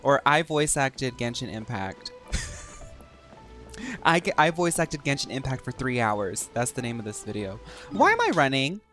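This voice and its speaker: A man's voice: mid-range voice, unhurried, fairly bright tone, soft background music. A young man chatting casually and joking while streaming a game. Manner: chatty, joking, self-mocking. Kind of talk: casual gameplay commentary.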